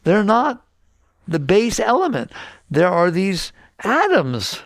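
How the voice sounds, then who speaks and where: An older man giving an informal spiritual talk to a group, asking questions and answering them himself in a lively conversational way. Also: high-pitched, takes it slowly, no room sound. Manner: animated, conversational, asks and answers his own questions. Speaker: spiritual teacher.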